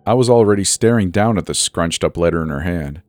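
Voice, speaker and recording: A man reading a horror story as a scripted first-person narration, measured and sometimes drifting soft and slow. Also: low-pitched, no echo. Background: faint music.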